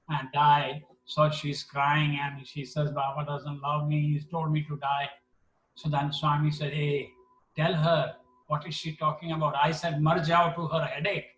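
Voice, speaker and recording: A man, telling stories at a devotional gathering and acting out the quotes in lively voices. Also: a little high, muffled recording. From India. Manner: animated, acts out quotes with voices. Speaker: satsang speaker. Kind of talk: storytelling talk. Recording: echoey room, from a distance.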